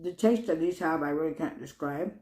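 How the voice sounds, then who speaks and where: A woman, chatting playfully and excitably as she hosts her eating show. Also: low voice, brisk, roomy sound. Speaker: mukbang vlogger. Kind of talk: casual eating-show chat.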